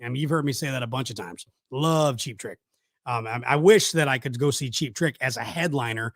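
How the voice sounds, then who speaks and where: A man's voice: medium pitch, expressive, a little fast, no room sound. A middle-aged man hosting a casual live show, rambling with many fillers and restarts. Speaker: host. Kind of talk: casual chat on a live stream.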